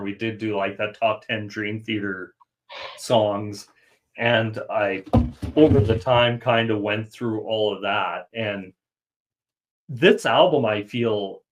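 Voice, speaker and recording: A man hosting a music podcast, chatting casually and thinking aloud with fillers. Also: lowish voice. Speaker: podcast host. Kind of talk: casual chat.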